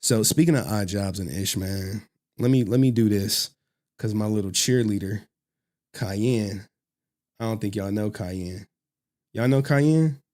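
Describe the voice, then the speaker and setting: A man's voice: fairly low pitch, unhurried, long pauses, a little mellow. Laughing, rambling male streamer. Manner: rambling, laughing often, searching for words. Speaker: livestream host. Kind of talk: casual live-stream commentary.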